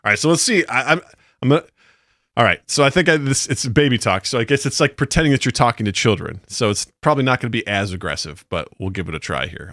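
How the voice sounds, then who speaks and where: A man co-hosting a podcast, telling stories in a casual, laughing, animated way. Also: medium pitch, fast talker, dry recording, clean studio sound. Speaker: podcast co-host. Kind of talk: casual chat.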